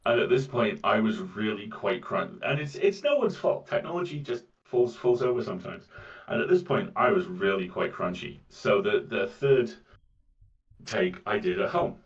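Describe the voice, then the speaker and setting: A man with a British accent and a soft, mellifluous voice chats casually as an interview guest, often repeating words as he goes. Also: fairly low pitch, lively intonation, moderate pace. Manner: rambling, with frequent repeats of words. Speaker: voice actor guest. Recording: muffled, distant mic.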